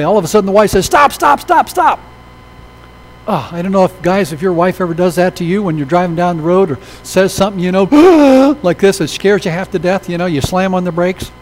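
A man preaching a sermon, telling stories with animated delivery and acting out the people in them. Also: high voice, a little hiss or hum, poor audio. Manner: animated, acts out quoted voices in stories. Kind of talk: sermon storytelling.

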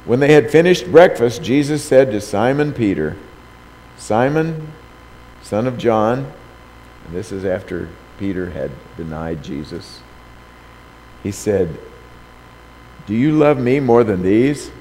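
A man's voice: lowish voice, big pitch swings, takes it slowly, pauses often, mellow. A man preaching a sermon who reads scripture aloud, raises his voice for quoted lines, and keeps asking the listener rhetorical questions. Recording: long hall reverb, faint background noise.

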